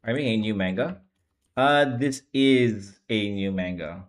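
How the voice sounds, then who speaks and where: Drawing manga on a live stream, a sleepy young man with little energy chats casually in a lowish voice at a measured pace. He rambles in a laid-back way, frequently correcting himself.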